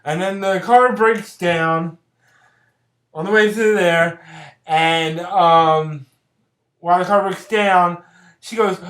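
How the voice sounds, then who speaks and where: Giggly rambling vlogger recapping a movie, lots of um and like, mid pitch, echoey room. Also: fairly even intonation, takes it slowly, pauses often, fairly bright tone. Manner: rambling, filler-heavy, giggly. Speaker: vlogger reviewing films. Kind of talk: casual movie plot recap.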